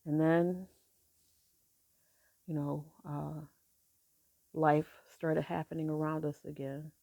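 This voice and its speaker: A middle-aged woman telling a personal story in a halting, soft-spoken way, with many pauses. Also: deep voice, little pitch movement, gravelly, dry recording, studio quality. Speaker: grieving mother sharing her story.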